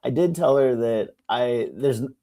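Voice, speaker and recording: A young man co-hosting a casual chat show, an animated storyteller who acts out the people in his stories. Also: medium pitch, a little slow. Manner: animated storyteller, mimics people with shouts and laughs. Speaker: podcast co-host.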